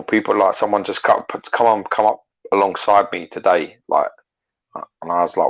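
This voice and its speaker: A man's voice: low-pitched, moderate pace, vocal fry, dull audio. A man co-hosting a casual live stream, blunt and swearing heavily as he tells stories. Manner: blunt, heavy swearing, animated storytelling. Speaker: co-host.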